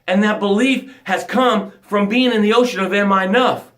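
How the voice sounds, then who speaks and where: A man giving a motivational talk as a coach, emphatic, swinging from loud bursts to hushed lines. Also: high voice, normal speed, roomy sound.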